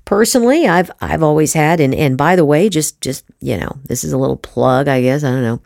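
A middle-aged woman with a notably low voice talks through her voice acting tips in a loose, animated way, often restarting and repeating words. The recording is dry and close, with no room sound. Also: brisk, gravelly, no echo. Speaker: voice acting teacher, podcast host. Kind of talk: casual instructional talk.

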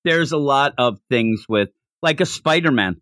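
A man's voice: mid-range voice, a little slow, no room sound. Man chatting in a dry, close sound. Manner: rambling, animated retelling with frequent restarts. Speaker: podcast host. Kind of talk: casual chat recapping a manga chapter.

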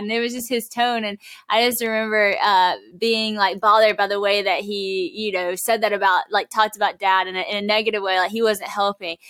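A woman's voice: mid-range voice, fairly bright tone, no echo. Young woman guest, earnest and chatty, fillers and quoted asides, dry studio mic. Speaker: podcast guest. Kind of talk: casual podcast conversation.

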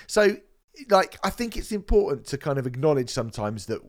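A man hosts a relaxed music podcast, his voice swinging up and down as he tells gig stories. He talks fast and animated, dropping casual swears along the way. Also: high voice. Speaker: podcast host.

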